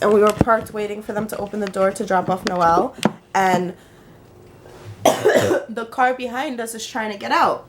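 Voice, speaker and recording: A young woman vlogs on a handheld phone and tells an exasperating story. Her voice sits a little high for a woman. She laughs often and acts out the back-and-forth dialogue. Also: background noise. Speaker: vlogger. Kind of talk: casual chat. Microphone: handheld phone camera.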